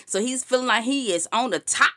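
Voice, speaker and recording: A woman's voice: fairly high pitch, a little fast, sharp tone. A woman leading a casual Bible study with a co-host, talking earnestly and acting out the scripture passages with feeling. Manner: earnest, conversational, acts out the scripture quotes with feeling.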